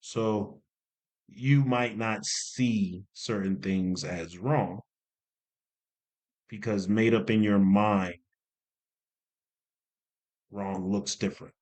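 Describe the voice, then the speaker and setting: A man talking casually to camera as a commentary host, animated and repeating points for emphasis. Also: lowish voice, very slow, pauses often. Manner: animated, repeats himself for emphasis, jokey asides. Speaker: commentary YouTuber.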